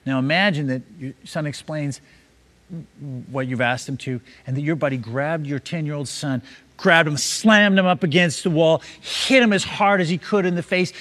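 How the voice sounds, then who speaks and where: Higher-voiced male preacher telling a parable. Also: a bit bright. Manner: storytelling, builds scenes with repeated "imagine". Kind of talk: sermon told as a long parable.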